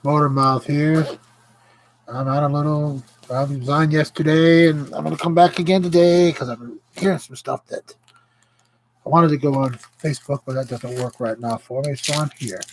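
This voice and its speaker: A man's voice: a little high, fairly even intonation, moderate pace, slight background noise, low-quality recording. Fired-up man ranting on a livestream. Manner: impassioned, indignant, greets viewers mid-rant. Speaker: livestream host. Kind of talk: casual livestream rant.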